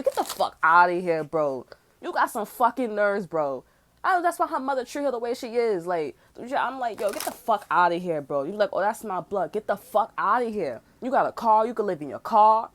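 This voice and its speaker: A woman in her twenties ranting in heated, unscripted talk, swearing a lot and saying "bro" at nearly every turn. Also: fairly high pitch. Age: 20s. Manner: profane, heated, says "bro" constantly. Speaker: tarot channel host. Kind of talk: casual unscripted rant.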